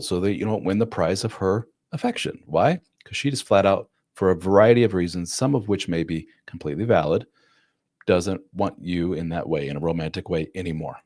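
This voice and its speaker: Brief: male live-stream host, deep voice that swings up and down a lot, blunt casual advice, dry close sound. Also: normal speed, no echo. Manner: blunt, casual, calls listeners man and dude; animated, acts out quoted voices. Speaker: host giving relationship advice to divorced dads. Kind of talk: live-stream chat answering viewer questions.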